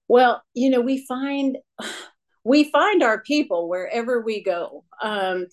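A woman in her late fifties, from upstate New York, tells her own story as a recovery speaker on a stage. Her voice sits at an ordinary pitch. She talks candidly and with self-deprecating humor, and she often restarts her sentences and leans on "you know.". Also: expressive, measured pace. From Rochester, New York, USA. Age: 50s. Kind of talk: personal testimony talk from a stage.

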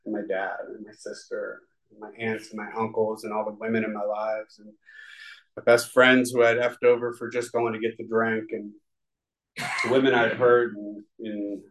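Telling a live audience in a room about his recovery, a man rambles in a heartfelt way and restarts often. His lowish, slightly bright voice keeps a level tone at normal speed, and the audio is poor.

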